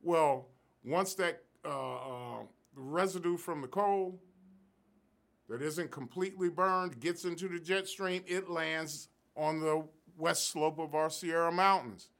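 A man's voice: on the high side, takes it slowly, creaky, fairly bright tone. A man, a professor, explaining environmental science in an interview with an emphatic, lecturing manner. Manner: emphatic, lecturing, stresses key figures. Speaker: professor and guest expert. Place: Sacramento area.

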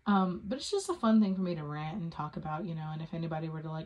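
A woman's voice: lowish voice, expressive, rapid-fire, hardly any pauses, muffled recording. A young adult woman hosting a casual solo podcast from home, rambling with lots of fillers and casual swearing. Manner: rambling, full of "like" and "um", swears freely. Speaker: podcast host.

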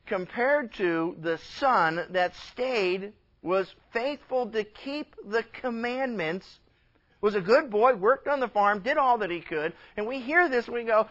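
Animated preacher man with a high voice. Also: slow, lo-fi sound. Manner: animated storytelling, acting out characters' lines. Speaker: pastor. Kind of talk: sermon.

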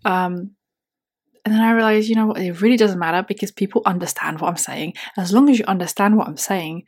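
A woman's voice: mid-range voice, a little fast, darkish tone, breathy edge. A woman hosting a reflective solo podcast who speaks with a slight non-native accent, earnest and self-encouraging, at times quoting her own doubts to herself. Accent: slight non-native English accent. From outside the UK, moved to the UK young. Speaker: podcast host. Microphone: simple computer microphone.

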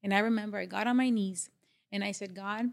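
A woman sharing her faith story on a podcast, speaking at a middling pitch. She tells it in a lively way, acting out what others said and laughing often. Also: fast, vocal fry. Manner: animated storyteller, acts out quotes, laughs often. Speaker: podcast co-host and pastor. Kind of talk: testimony in casual podcast chat.

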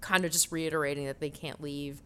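A woman co-hosting a podcast in casual chat, giggly and animated, laughing often. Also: low voice, fairly quick, smooth. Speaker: podcast co-host.

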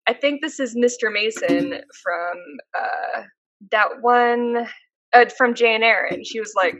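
A woman co-hosting a casual podcast, rambling through anecdotes with plenty of fillers. Her voice is bright, sitting a bit high, and the sound is dry and close, with no room around it. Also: takes it slowly, no room sound, lo-fi sound. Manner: chatty storyteller, lots of fillers. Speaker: podcast co-host. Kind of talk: casual chat.

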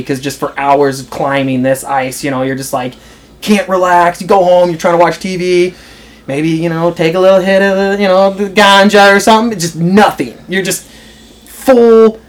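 A young American man telling a story in casual chat, rambling with lots of fillers and laughing as he goes. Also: a little high. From United States. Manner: rambling, filler-heavy, laughs through stories.

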